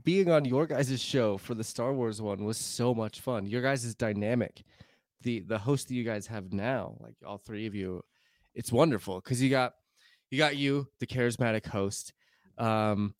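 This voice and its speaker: A male podcast guest chatting casually at an ordinary middle pitch. He sounds upbeat and pays compliments freely. The recording is dry and close, with no room sound. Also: a little slow, dry recording.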